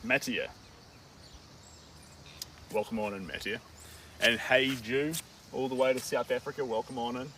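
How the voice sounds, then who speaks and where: A man's voice: medium pitch, steady tone, fairly quick, a bit bright. A man chatting casually on a live stream while painting a dog portrait, rambling and joking as he thinks aloud. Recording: distant mic with outdoor noise.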